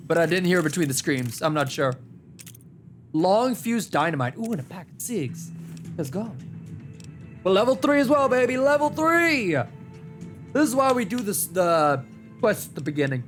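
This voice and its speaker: A male gaming streamer commenting live as he plays, his pitch leaping up and down all the time. He jokes and trash-talks at the enemies on screen, while faint music plays under his voice. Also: unhurried, long pauses. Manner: animated, joking trash talk at enemies, big pitch swings.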